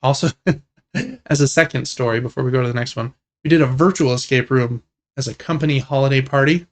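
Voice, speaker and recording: A young man co-hosting a casual gaming podcast, talking in a relaxed, rambling and enthusiastic way. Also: medium pitch, brisk. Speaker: podcast co-host.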